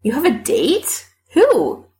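A woman reading an audiobook voices an excitable, blunt young woman who gushes and squeals. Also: takes it slowly, heavily acted. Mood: chatty. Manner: high, gushing, loud squeals. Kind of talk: audiobook character voice.

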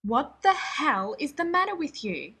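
Woman putting on a ranting arrogant genius, high and husky. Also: big pitch swings, a little slow, a bit bright, exaggerated voice. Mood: exasperated rant. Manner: snappish, exasperated, ranting. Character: prickly, arrogant male genius scientist stuck in a woman's body.

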